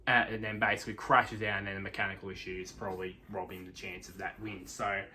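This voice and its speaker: Bright-toned man rambling through a race review. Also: deep voice, flat delivery, fast. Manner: rambling, constant restarts and fillers. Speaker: motorsport video reviewer. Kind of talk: casual race review monologue.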